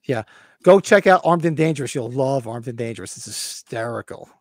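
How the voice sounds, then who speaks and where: A man in his fifties co-hosting a casual livestream podcast, excited, swearing freely and acting out movie lines. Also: medium pitch, brisk, no echo. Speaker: podcast co-host.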